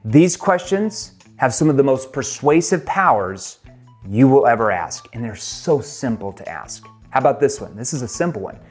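A man's voice: mid-range voice, expressive, moderate pace, a little mellow, faint music behind. A middle-aged man teaching sales technique in an emphatic way, often acting out sample questions to prospects. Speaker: sales trainer. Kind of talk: sales training lesson.

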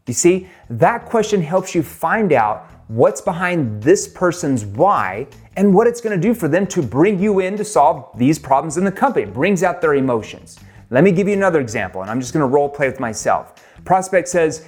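A middle-aged man runs a sales training lesson in a brisk, husky, darkish voice that swings widely in pitch with a sing-song quality as he stresses key points. He speaks emphatically and slips into acted sample questions, with faint music playing behind him.

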